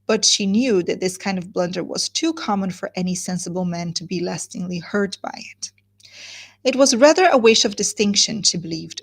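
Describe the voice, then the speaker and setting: A woman teaching literature, reading a novel aloud and stopping to comment, slowing down on words she wants to stress. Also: mid-range voice, husky.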